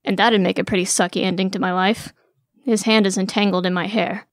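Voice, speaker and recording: A woman's voice: medium pitch, fairly even intonation, brisk, no echo, studio quality. A woman narrating a first-person story in a wry, weary, sardonic way.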